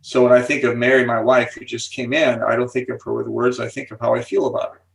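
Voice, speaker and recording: A man in his seventies, a guest speaker on psychology, explaining with animated enthusiasm and building suspense before each point. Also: mid-range voice, fast, creaky, recorded from a distance, low-quality recording. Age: 70s.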